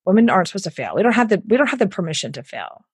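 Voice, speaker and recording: A woman from the States, telling her story in an interview in an animated way, acting out what others said and laughing often. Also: medium pitch, racing, slightly rough, no room sound. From Southern United States. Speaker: entrepreneur guest.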